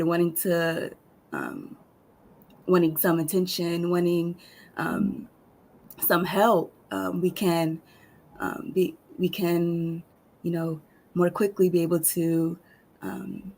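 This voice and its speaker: Slow, soft-spoken woman speaker. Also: lowish voice, rough recording. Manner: slow, soft-spoken, halting with many fillers. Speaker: guest speaker. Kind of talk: closing a virtual summit session.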